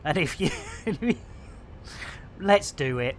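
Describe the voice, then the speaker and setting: A woman's voice: mid-range voice, expressive, measured pace, fairly bright tone. A woman streaming a game, chatting casually to her viewers, rambling and punning with frequent giggles. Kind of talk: casual live-stream chat.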